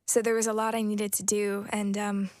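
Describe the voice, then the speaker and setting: A young American woman in her twenties, an actress answering interview questions in a soft, thoughtful way with many pauses and restarts. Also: medium pitch, little pitch movement, no room sound, clean studio sound. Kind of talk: casual interview chat.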